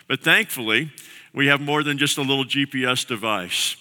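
Male pastor, sermon, conversational teaching, sharp bright tone, long hall reverb. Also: medium pitch, moderate pace. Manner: conversational teaching with vivid explanations.

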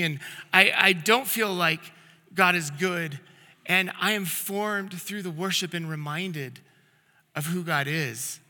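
A male pastor with a fairly high, very bright and forceful voice delivers a conversational sermon. He tells stories earnestly, often restarting his sentences. His voice rings with the long reverb of a church sanctuary. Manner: earnest storytelling with frequent restarts.

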